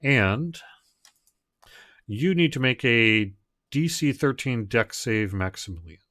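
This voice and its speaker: A man narrating as game master of an online tabletop game, in a relaxed, halting way. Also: mid-range voice, no room sound. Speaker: dungeon master.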